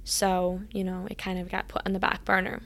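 Gravelly-voiced woman telling her story. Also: lowish voice, monotone, brisk, fairly bright tone. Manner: earnest, acts out past conversations with "I was like". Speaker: interview guest, former college athlete. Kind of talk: casual interview storytelling.

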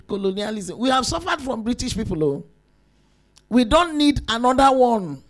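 A woman preaching a sermon to women, emphatic and lively, rising to shouts at her peaks. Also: a little high.

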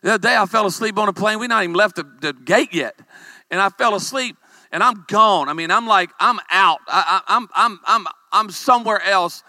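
A man, a pastor, preaching a humorous sermon with animated storytelling and calls for amens. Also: sits high, a little fast, no room sound.

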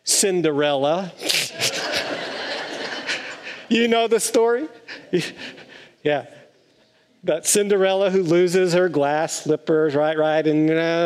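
Playful pastor with a raised voice in a church hall. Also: male voice, fairly high pitch. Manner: chatty, playful storyteller with a congregation. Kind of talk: sermon. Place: church sanctuary.

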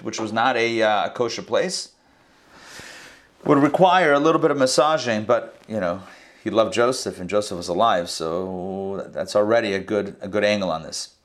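A man teaching a scripture lesson verse by verse, in a conversational way with quick asides and restarts. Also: lowish voice. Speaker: Torah teacher. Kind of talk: casual verse-by-verse Bible lesson.

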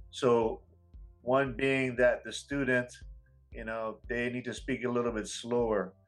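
A man's voice: mid-range voice, low-quality recording. A man from the United States, an English teacher talking casually and rambling with many fillers. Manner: rambling, frequent "you know" fillers. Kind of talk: casual conversation.

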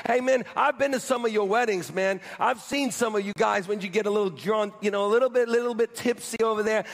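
A pastor delivering a sermon in a very high voice for a man, leading the crowd in call-and-response and repeating his lines for emphasis. The sound rings with long reverb, as in a large church hall. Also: gravelly.

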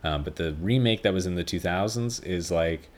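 A man's voice: sits low, moderate pace. A man hosting a casual solo podcast, rambling with lots of fillers and swearing freely. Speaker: podcast host.

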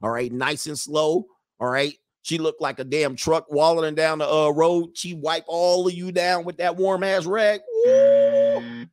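A man in his forties hosting a livestream, joking loudly in a slangy, animated way while reading chat. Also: fairly high pitch, normal speed, no room sound, clean studio sound. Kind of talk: comedic livestream rant.

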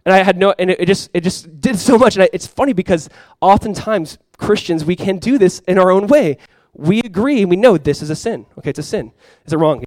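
Pastor, male, fast conversational sermon delivery with bursts of emphasis, dry close sound. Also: sits high, animated, darkish tone, no echo, low-quality recording. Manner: conversational storytelling with sudden emphatic rises.

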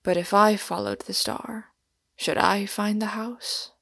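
A woman voicing a solemn, weary male pilgrim in an audiobook reading, speaking gravely and often half-whispering. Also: medium pitch, steady tone, unhurried, a bit bright, dry recording, clean studio sound. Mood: sorrowful.

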